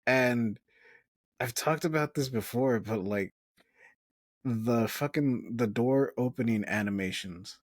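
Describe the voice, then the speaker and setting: A podcast co-host talking casually, laid back and laughing often, with plenty of swearing. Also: male voice, medium pitch, takes it slowly, dry recording, clean studio sound. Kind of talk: casual chat.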